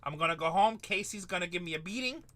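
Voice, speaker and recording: Middle-aged male break host, rambling jokey patter, forceful bright tone. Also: high voice, animated, quick pace. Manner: rambling, joking, swears casually, calls out teams. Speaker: live card break host. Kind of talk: livestream sales chat.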